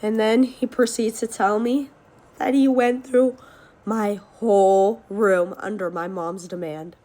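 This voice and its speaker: Animated young woman swearing through a story. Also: mid-range voice, measured pace. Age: young adult. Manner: animated, swears a lot, acts out shouts. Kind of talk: casual story time.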